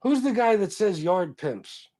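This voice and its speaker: A man hosts a casual livestream, rambling and cursing freely as he chats with his viewers. His voice sits a little high for a man and swings lively up and down. The sound is close and dry. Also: unhurried, no echo. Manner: rambling, profane, chatting with viewers. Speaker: livestream host. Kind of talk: casual chat.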